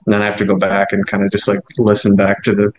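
Rambling, self-deprecating low-voiced man. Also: monotone, fast, a little hiss or hum, poor audio. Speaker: songwriter and band frontman. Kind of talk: casual interview talk.

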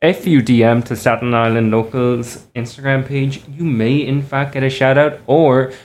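Radio co-host, dry humor; middle pitch, roomy echo. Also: level tone, normal speed, a little mellow, slight background noise. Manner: dry, joking. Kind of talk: casual radio banter.

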